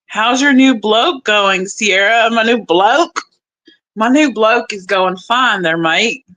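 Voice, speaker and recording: A cheesy, playful put-on Australian accent, done by a woman as a cheery Aussie chatting about her bloke. The voice is bright and tense. The accent is hammed up and plainly fake. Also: fairly high pitch, slow pace.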